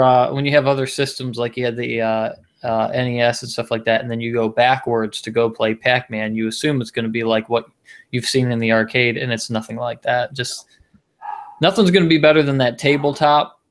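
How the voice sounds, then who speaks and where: A man's voice: medium pitch, steady tone, brisk. A man co-hosting a casual podcast, talking in a rambling way with many restarts and fillers. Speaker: podcast co-host. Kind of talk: casual chat.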